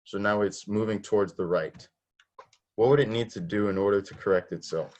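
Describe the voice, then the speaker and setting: Fairly quick and on the low side, with a darkish tone, this robotics instructor's voice guides an online coding class step by step. He questions his students and frequently starts his sentences over.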